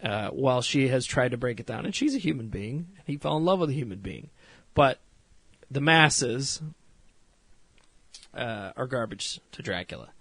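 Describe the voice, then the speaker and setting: Guy rambling thru a podcast review, lots of swearing and ums, mid-pitched voice, dead dry sound. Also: expressive, moderate pace, fairly bright tone, breathy edge, no echo. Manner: rambling, swears freely, many fillers; retells scenes with mock voices. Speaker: podcast host reviewing a series. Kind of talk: casual spoken review.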